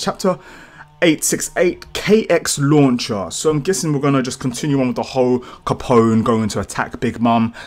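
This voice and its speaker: Male reaction vlogger, mid-pitched, excitable and rambling, a bit under the weather. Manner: excitable, rambling, casual swearing. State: feeling sick, clearing throat. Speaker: channel host. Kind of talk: live manga reaction commentary.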